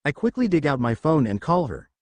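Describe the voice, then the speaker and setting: A man reading a first-person fan fiction audiobook in a lively, expressive way. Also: a little high, brisk, dry recording.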